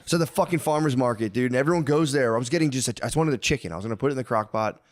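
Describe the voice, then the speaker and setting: A man's voice: mid-range voice, very fast. Profane, exasperated man telling stories. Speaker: podcast co-host. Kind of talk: casual chat.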